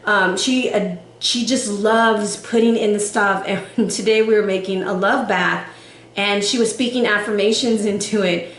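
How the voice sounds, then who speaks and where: A woman giving a casual tarot reading, animated and sassy, with casual swearing. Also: mid-range voice, measured pace, echoey room. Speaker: tarot reader.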